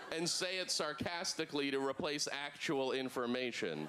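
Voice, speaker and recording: Man with a lively, bouncing delivery. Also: medium pitch, normal speed, few pauses, background noise. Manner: deadpan, with lively put-on quoted voices. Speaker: stand-up comedian. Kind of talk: stand-up comedy set. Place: comedy club stage.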